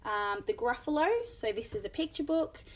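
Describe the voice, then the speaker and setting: A woman's voice: on the high side, animated, normal speed. Woman teaching a lesson on sound patterns. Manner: explanatory, many fillers, reads examples aloud. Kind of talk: recorded classroom lesson.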